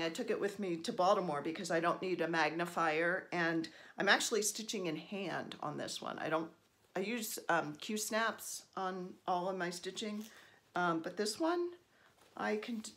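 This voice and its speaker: A woman's voice: lowish voice, moderate pace, a bit bright. A middle-aged woman from New Jersey chatting casually while she stitches, rambling and poking fun at herself, with lots of ums. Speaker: stitching vlogger.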